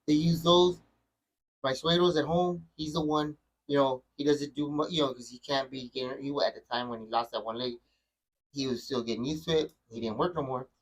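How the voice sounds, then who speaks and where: A man's voice: medium pitch, steady tone, a little fast, rough recording. A middle-aged man hosting a podcast, telling a story in casual chat and rambling with many restarts. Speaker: podcast host.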